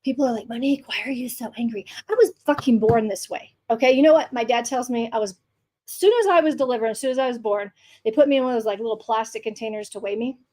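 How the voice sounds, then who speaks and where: Woman podcast host, high voice, blunt and profane, fired-up emphatic monologue. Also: quick pace, a little mellow.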